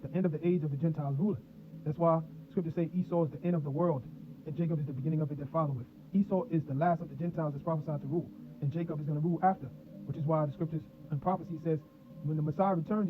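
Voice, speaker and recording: A man preaching on scripture, reading verses aloud and then explaining them in loose, slangy talk. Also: on the high side. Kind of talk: scripture teaching. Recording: tinny phone-like audio with faint music.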